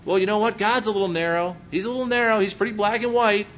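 A man's voice: steady tone, fast, a bit bright. A man with a slight Texas accent preaching a sermon as pastor, emphatic and full of rhetorical questions. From Pennsylvania. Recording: muffled recording with faint low rumble.

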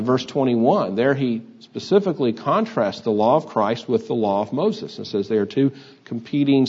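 Older man preaching, halting. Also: mid-range voice, darkish tone, slightly rough. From Texas. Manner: halting, many uh fillers, conversational. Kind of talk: sermon. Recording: dull lo-fi sound.

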